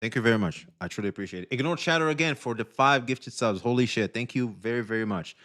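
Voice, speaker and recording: A man live-streaming, who swears a lot and keeps thanking donors in a casual, animated way. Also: mid-range voice, fast. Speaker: livestreamer.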